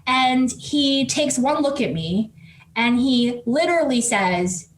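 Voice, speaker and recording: A woman professor telling a story as a podcast guest, animated and quick, with many fillers. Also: sits high. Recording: roomy echo with faint noise.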